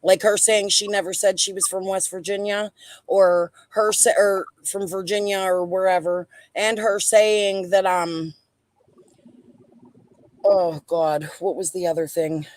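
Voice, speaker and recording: A woman joins a livestream panel, her voice mid-pitched and subdued as her sentences trail away. The sound is dry and close, with no room around it. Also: fairly even intonation, measured pace, no room sound. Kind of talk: casual livestream chat.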